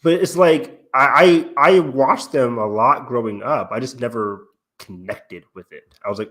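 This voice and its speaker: A man's voice: medium pitch, measured pace, a bit bright. A man hosting a casual fan podcast, rambling with lots of fillers, laughing often and swearing casually. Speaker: podcast host.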